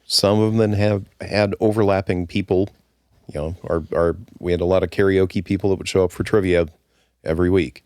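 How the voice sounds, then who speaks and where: A man, a former brewery owner, talking casually as a guest in an interview, relaxed and halting with restarts. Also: low voice, dry recording, clean studio sound. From United States.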